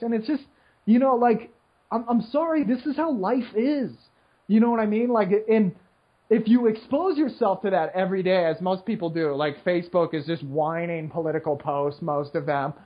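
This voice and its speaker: A man's voice: high voice, normal speed, slightly rough. A man who plays poker, talking in a casual, rambling monologue with many fillers, checking in with "right?" as he goes. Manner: rambling, filler-heavy, keeps asking "right?"; mocks complainers in whiny put-on voices. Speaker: poker player. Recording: slightly muffled lo-fi recording.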